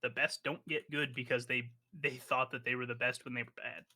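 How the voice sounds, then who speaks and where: A man's voice: medium pitch, level tone, a little fast, pushed and bright, slightly rough. A man streamer chatting on a live stream, blunt and profane, giving advice in a lecturing way. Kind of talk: casual live-stream chat.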